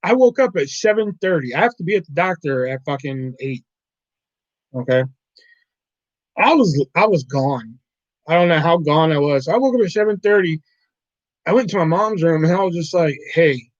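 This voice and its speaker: A man's voice: fairly high pitch, expressive, moderate pace, pauses often, no echo. A man hosting a live stream at home, telling a rambling, profane story in casual talk and laughing often. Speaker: livestream host. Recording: dull lo-fi dry mic.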